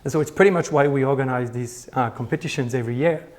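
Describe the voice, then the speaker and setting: A middle-aged man with a French accent, hoarse from a lost voice, giving an informal, conversational conference lecture as a guest speaker. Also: mid-range voice, quick pace.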